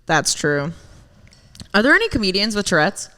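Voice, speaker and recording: Bright, laughing woman podcast co-host. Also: medium pitch, sing-song, moderate pace, big-room sound. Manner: laughs often, crude jokes. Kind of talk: casual chat.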